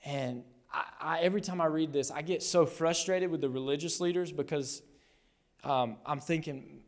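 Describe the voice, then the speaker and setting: A man's voice: a little high, normal speed. A man preaching a sermon as pastor, telling the story conversationally and acting out the quotes with animation. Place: church hall. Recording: long hall reverb.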